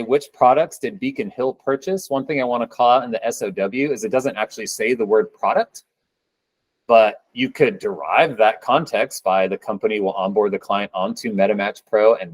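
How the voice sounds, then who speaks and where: A man's voice: fairly low pitch, moderate pace, no echo, rough recording. A man presenting a live coding demo at a meetup, talking casually with upbeat, joking asides.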